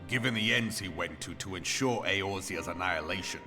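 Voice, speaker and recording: An actor playing a grave, learned male elder in a game cutscene, speaking in formal archaic phrasing with a measured delivery. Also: deep voice, music in the background, lightly acted. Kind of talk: video game cutscene voice acting.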